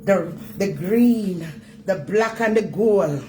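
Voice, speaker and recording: Jamaican woman vlog host, slow, emphatic scolding commentary in Patois. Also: mid-range voice, animated, background noise. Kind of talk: ranting commentary.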